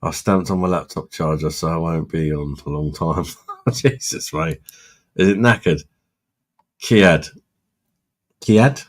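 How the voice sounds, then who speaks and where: A man's voice: a bass voice, moderate pace. A man hosting a casual live stream, chatting with viewers in a blunt, sweary way and laughing often. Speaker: livestream host reading chat.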